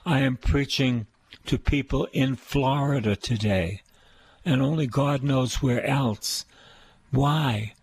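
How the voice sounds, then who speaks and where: An older man with a Boston accent preaches slowly and deliberately, his voice husky. He repeats his phrases for emphasis, building lines of praise the listener can echo back. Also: medium pitch. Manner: repetitive, emphatic preaching with call-and-response praise. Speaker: priest and radio preacher. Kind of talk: sermon.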